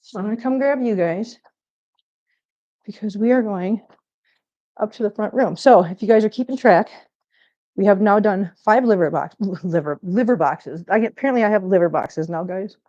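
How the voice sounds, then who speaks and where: A woman's voice: mid-range voice, moderate pace, warm tone, lo-fi sound. A woman chatting casually on a cat-care livestream, rambling and answering viewers while she cleans, a little out of breath. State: a bit out of breath. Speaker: cat channel vlogger.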